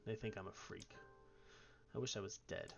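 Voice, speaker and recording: A man voicing a lonely young woman who speaks quietly and despairingly. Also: lowish voice, normal speed, gravelly, faint music behind.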